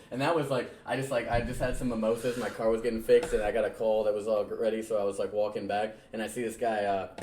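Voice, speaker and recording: A man's voice: medium pitch, darkish tone, a little hiss or hum. A young man from the American Midwest, a podcast guest who jokes, curses and laughs a lot in casual chat. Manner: swearing, joking, laughs often.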